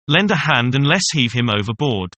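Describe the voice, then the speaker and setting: A man reading an audiobook, voicing a menacing rough raftsman who barks harsh orders. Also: medium pitch, expressive, normal speed, pushed and bright. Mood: hostile.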